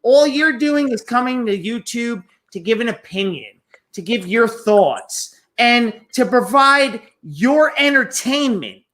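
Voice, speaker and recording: A man's voice: very high-pitched, expressive, slow pace, a bit bright. A man hosting a casual livestream chat, talking bluntly and swearing freely. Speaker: stream host.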